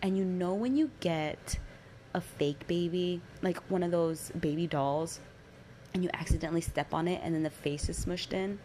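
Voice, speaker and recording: A woman's voice: on the low side, normal speed, warm tone, a little hiss or hum. A young woman and mother telling a personal story in a casual, candid way, swearing freely and using lots of fillers.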